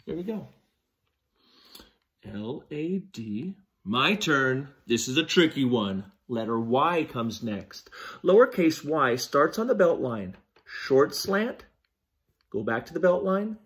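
A man teaching young children to write letters, giving slow, patient step-by-step instructions. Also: mid-range voice, lively intonation, a bit bright. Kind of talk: children's handwriting lesson.

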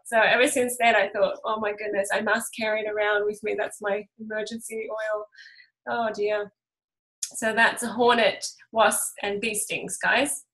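A woman's voice: medium pitch, level tone, moderate pace, fairly bright tone, rough recording. A woman in her thirties hosting a casual essential oils class, telling stories with lots of laughs and fillers. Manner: chatty, laughing storyteller, many fillers. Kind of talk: casual talk to a group.

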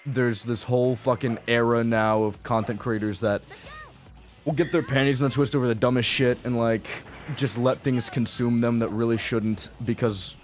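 A man's voice: mid-range voice, steady tone, normal speed. A young man giving casual, profane gameplay commentary as a video creator, rambling and frustrated, dropping to mutters and then bursting out. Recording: faint game music behind.

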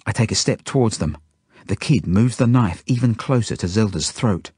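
A man reading a children's novel aloud in the first person, expressive and sometimes dropping to hushed tones. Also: deep voice, moderate pace, breathy edge, no echo, clean studio sound. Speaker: audiobook reader. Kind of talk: first-person storybook narration.

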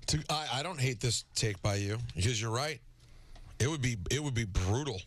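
A man co-hosting sports talk radio in a casual, agreeable way, often restarting his sentences. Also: mid-range voice. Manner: easygoing, agreeable, halting.

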